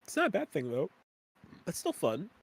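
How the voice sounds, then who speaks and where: A man's voice: moderate pace, slightly rough. Playful male streamer chatting. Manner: playful, greets chat, jumps up in pitch when excited. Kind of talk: casual chat on a game stream.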